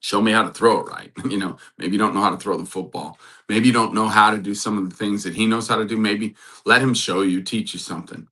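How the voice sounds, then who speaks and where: A man hosting a faith-based talk, urging love and repeating affirmations in a soft, earnest way. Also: fairly low pitch, fairly even intonation, fast talker. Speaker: host and matchmaker.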